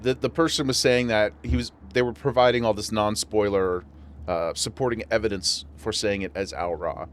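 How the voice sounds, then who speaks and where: A man's voice: lowish voice, fairly even intonation, moderate pace, slight background noise. Chatty western New York streamer guy. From western New York region. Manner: chatty, laughs often, rambling asides. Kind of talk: casual gameplay chat.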